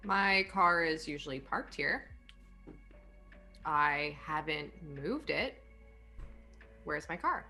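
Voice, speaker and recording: A woman playing her character in a tabletop role-playing session. Her somewhat low but bright, edgy voice sounds exasperated, with swearing and repeated phrases. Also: animated, slow pace, pauses often, soft background music. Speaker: player.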